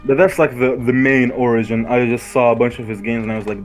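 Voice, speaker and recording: A man's voice: medium pitch, steady tone, fast talker, soft background music. Laid-back young man saying dude. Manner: laid-back, slangy, says dude a lot. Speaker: game co-creator. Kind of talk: casual stream chat.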